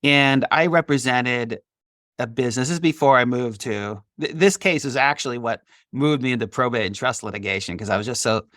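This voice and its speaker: Speaking fairly quickly in a medium pitch, a middle-aged man who works as a litigation attorney tells an interview story from his job. He's animated and performs the dialogue, captured in clean studio sound without room echo.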